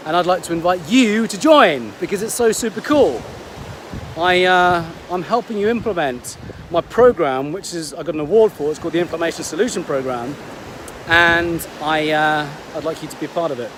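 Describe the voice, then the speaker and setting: A man's voice: fairly high pitch, expressive, moderate pace, a bit bright. A man, a health coach chatting upbeat in a casual vlog story, often restarting his sentences. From England. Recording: wind and ocean noise behind.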